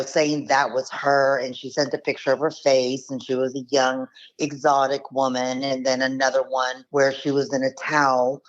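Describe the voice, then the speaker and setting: A woman's voice: rumbling low, lo-fi sound. A woman telling the story of her uncle's losses in a blunt, emphatic, casual way. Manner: emphatic, blunt retelling with acted quotes. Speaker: scam victim's niece, guest.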